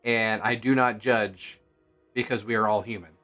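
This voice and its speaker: A man's voice: on the low side, steady tone, normal speed, a bit bright, soft background music. A man streaming a game, chatting casually and thinking aloud as he plays, rambling and correcting himself as he goes. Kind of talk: casual gameplay commentary.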